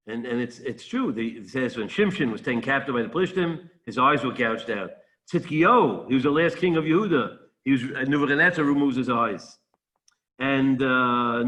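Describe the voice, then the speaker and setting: A man, a rabbi, giving a Torah talk, animated and rising sharply when quoting mockery, with frequent restarts and repeated words. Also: a little high.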